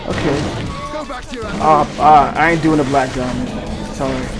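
A man giving casual, rambling gameplay commentary, joking around with sudden excited outbursts. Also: mid-range voice, measured pace. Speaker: gaming channel host. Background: game music.

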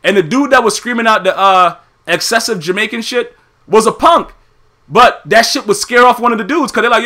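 A man hosting a podcast, animated and profane in a casual rant, who keeps asking "you know what I'm saying". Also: high-pitched, a little fast. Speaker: podcast host.

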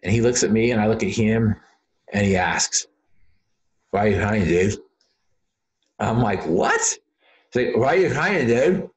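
A man being interviewed, telling a personal story in an earnest, emotional way, often repeating words and saying "you know". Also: mid-range voice. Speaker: interview guest.

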